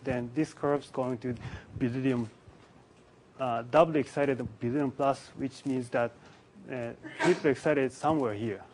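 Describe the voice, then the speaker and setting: Male physicist, mid-pitched, halting conference lecture with restarts, faint hiss behind. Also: a little mellow, rough recording. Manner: halting, many restarts and pauses. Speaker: physicist giving a symposium talk. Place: symposium lecture room.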